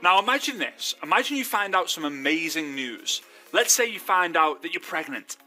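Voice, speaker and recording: Bright chatty man. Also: a little high, very animated, normal speed, faint music behind. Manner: chatty, rambling, self-interrupting. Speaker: network marketing trainer. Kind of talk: casual training video talk.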